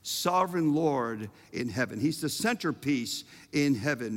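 A man preaching a sermon, emphatic and humorous, with dramatic pauses. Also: medium pitch, animated. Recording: reverberant hall.

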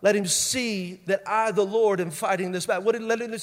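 A male pastor preaching a sermon. He stresses key phrases by repeating them, and he moves between loud bursts and quiet, intense lines. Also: sits high, fairly even intonation, a little fast. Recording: long reverb of a large hall.

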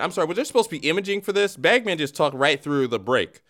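A man's voice: a little high, expressive, quick pace, hardly any pauses, fairly bright tone, soft background music. A man hosting a comedy show in a mock-formal broadcast style with sarcastic asides. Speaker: host.

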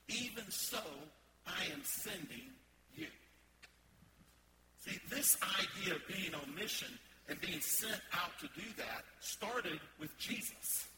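A man preaching a sermon as a pastor in a church, building to emphatic, forceful stretches. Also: on the high side, background noise. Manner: emphatic preaching with rising bursts of intensity. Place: church sanctuary.

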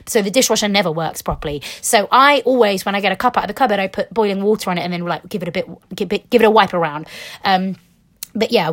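Sweary rambling woman. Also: medium pitch. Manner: frank, sweary, rambling, with many fillers. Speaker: podcast host. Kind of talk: casual solo rant.

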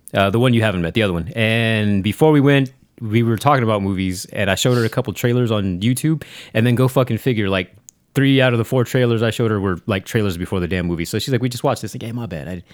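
A man's voice: lowish voice, quick pace, no room sound. A man co-hosting a podcast, chatting casually in a rambling way and swearing freely. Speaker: podcast co-host. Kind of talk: casual chat.

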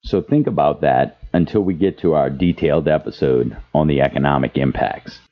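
At a moderate pace, a Louisiana man with a bass voice offers passionate advocacy commentary as a podcast host, reading quotes aloud. The audio is dull and lo-fi.

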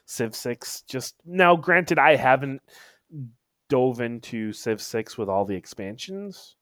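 A man chatting casually about video games. He is hesitant and trails off quietly at the ends of thoughts. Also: mid-range voice, expressive, slow pace, no room sound, studio quality. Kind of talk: casual chat.

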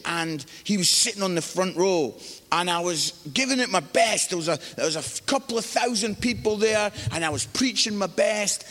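High-voiced man preaching in a reverberant hall. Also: fairly bright tone. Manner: chatty, self-mocking, acts out quoted voices. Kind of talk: sermon with humorous storytelling. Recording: live hall with long reverb.

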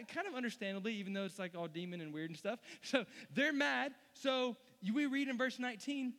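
A man preaching a casual, humorous sermon, animated and conversational, who acts out the story as he reads. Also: high voice, in a large hall.

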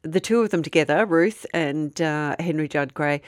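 A woman's voice: low-pitched, normal speed, no room sound, clean studio sound. A woman co-hosting a podcast, chatting casually and telling a true-crime story with frequent laughter. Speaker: podcast co-host.

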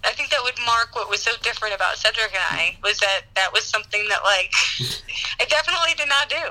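Woman in her thirties, bubbly guest, bright tense voice, slightly high. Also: fast talker, low-quality recording. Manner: bubbly, laughs often. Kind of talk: casual chat.

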